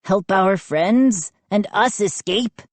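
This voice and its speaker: A woman voicing a small, pleading male lawn gnome with a raspy voice, speaking slowly and earnestly. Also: mid-range voice, no echo, voice pushed up.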